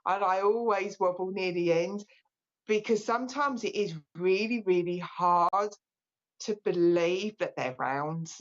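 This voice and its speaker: A relaxed woman in her forties talks on a live spiritual stream, chatty and openly emotional. Her voice sits at an ordinary middle pitch. The stream audio is a little dull and lo-fi. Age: 40s. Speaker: psychic medium.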